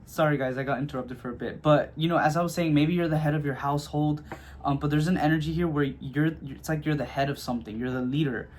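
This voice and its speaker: A man's voice: on the high side, fairly even intonation, fast talker, a little mellow, slight background noise. Chatty man giving a tarot reading. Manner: chatty, filler-heavy, checks in with "okay?". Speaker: tarot reader. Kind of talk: casual tarot reading to camera.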